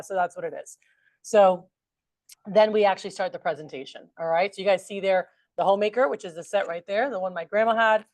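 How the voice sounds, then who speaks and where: A woman's voice: mid-range voice, no room sound. A woman training a group of new salespeople, upbeat and chatty, often calling them "you guys". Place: meeting room with a large group.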